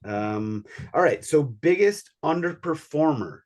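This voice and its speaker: A man's voice: a little high, animated, slow, a little mellow. A man hosting a soccer podcast, steering the talk and teasing his co-hosts in casual sports chat.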